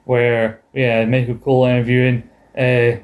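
A man chats through an old wrestling broadcast with a co-host. His talk is loose and rambling, with swearing and jokey asides, and his pitch sits at an ordinary middle height. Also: monotone, measured pace, darkish tone. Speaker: podcast co-host. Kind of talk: casual chat recapping wrestling.

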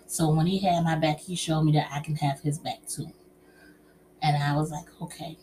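A middle-aged woman telling personal stories and giving relationship advice to an audience, in a chatty, expressive way, calling listeners honey and child. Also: deep voice, moderate pace, a little hiss or hum.

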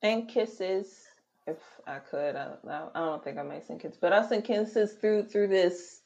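A woman's voice: medium pitch, measured pace, darkish tone, highs cut off. A woman co-hosting a casual podcast chat in a playful, teasing, sarcastic way. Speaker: podcast co-host.

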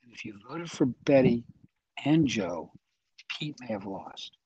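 A man's voice: medium pitch, animated, a little slow, warm tone, slightly rough, no room sound, dull audio. A man interviewed as a guest, earnestly and persuasively explaining his views in a conversational way. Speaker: interview guest, voting reform advocate.

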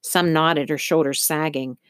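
A woman reading a children's novel aloud as audiobook narrator, in a steady storytelling manner. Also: low voice, unhurried, no echo, clean studio sound. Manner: steady storytelling, occasional slips. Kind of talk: scripted narration.

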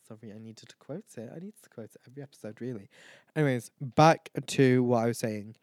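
A man's voice: mid-range voice, quick pace, a little mellow, no room sound. A tired, tipsy man rambling and swearing as he hosts his own chat show. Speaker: podcast host. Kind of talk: casual solo chat.

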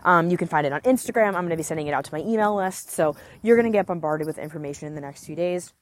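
Excitable, candid woman podcaster. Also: deep voice, rapid-fire. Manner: candid, excitable, swears freely, many "like"s and "right?"s. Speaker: podcast host and business coach. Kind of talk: casual solo podcast monologue. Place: outdoors.

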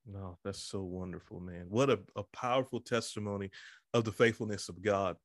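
A man's voice: fairly low pitch, moderate pace, no room sound, clean studio sound. A male host interviewing a guest, affirming and respectful, often humming along in agreement.

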